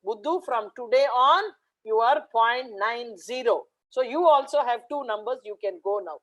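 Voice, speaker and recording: A woman voicing a kindly, brisk female teacher who reassures a pupil. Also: fairly high pitch, close to an everyday voice. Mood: reassuring. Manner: reassuring, scolding fondly.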